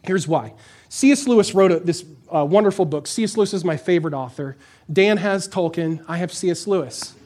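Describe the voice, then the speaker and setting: A pastor preaching a conversational, emphatic sermon in a church, putting questions to the congregation. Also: male voice, high voice, a little fast, darkish tone.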